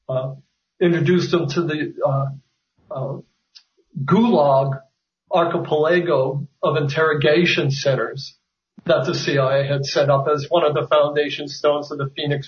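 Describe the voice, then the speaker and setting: A man, an author being interviewed, talking at length with many fillers and restarts. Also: on the high side. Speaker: author guest. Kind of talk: conversational interview. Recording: roomy, distant, dull sound.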